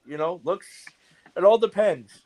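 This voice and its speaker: A man's voice: sits high, normal speed, a crowd in the background. A man, a guest tradesman chatting casually in folksy plain sayings. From New York. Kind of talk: casual chat.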